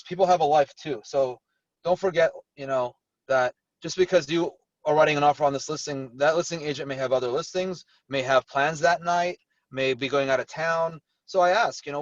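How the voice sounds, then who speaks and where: A man's voice: a little high, moderate pace, dry recording, far from the mic, lo-fi sound. A man working as a real estate agent, talking candidly on a video call panel, rambling with many restarts.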